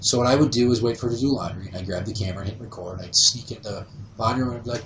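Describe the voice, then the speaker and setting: A podcast host in his thirties tells stories casually, acting out other people's voices. He talks at a racing pace in a lowish voice, sounding distant from the mic in a roomy space with background noise.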